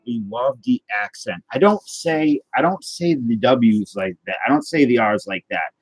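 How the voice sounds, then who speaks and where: An animated, unhurried man with a mid-range voice runs a livestream about trading cards and guitars. He answers viewers' comments in a casual, rambling way, cracking jokes at his own expense.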